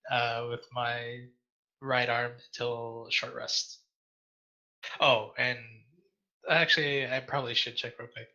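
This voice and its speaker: Over lo-fi voice chat audio, a medium-pitched man takes part in a tabletop game. He gets excited easily and frequently says sorry for his slip-ups in a self-deprecating way.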